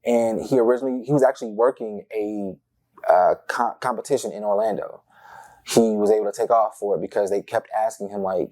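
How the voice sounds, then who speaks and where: A young man from Tampa, Florida, telling personal stories as an interview guest, animated and acting out the voices of the people in them. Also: lowish voice, a little fast. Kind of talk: casual personal storytelling.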